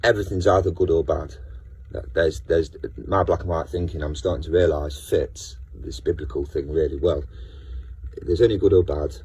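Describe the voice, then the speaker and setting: A man's voice: extremely low pitch, fairly even intonation, normal speed, a little mellow, slightly rough. A man, ranting in a rambling casual video monologue, often breaking off mid-sentence. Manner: rambling, self-interrupting rant. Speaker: vlogger.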